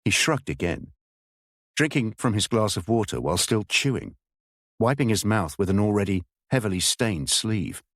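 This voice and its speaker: A man with a fairly low voice reads an audiobook in measured, expressive narration. His pitch rises and falls a great deal, and the sound is close and dry with no room echo.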